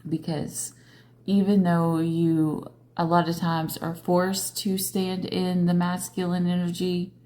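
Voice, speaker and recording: A tired woman tarot reader speaks slowly and unhurriedly, in a low, mellow voice. She talks casually to her viewers, often checking in with them with little questions. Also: little pitch movement. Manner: slow, conversational, coaxing questions to viewers. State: tired, yawning. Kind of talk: casual spiritual tarot reading.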